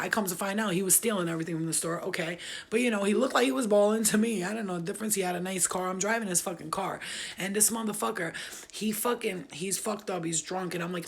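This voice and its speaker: A woman, telling true stories casually, profane and animated, often laughing. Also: lowish voice, quick pace, gravelly, slightly rough. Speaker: storyteller host. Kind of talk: casual storytelling live stream.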